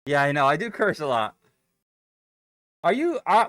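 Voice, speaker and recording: A man's voice: fairly high pitch, sing-song, normal speed, a bit bright, no room sound, studio quality. A young adult man chatting casually and loosely on a live stream, swearing freely and reading out viewer comments. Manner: loose and profane, thinking aloud. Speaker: day trading streamer.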